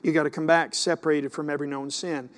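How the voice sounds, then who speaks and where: A male pastor with a fairly high voice delivers an impassioned sermon. He drops to hushed, confiding asides, then rises to loud, urgent exhortation. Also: level tone, fast talker.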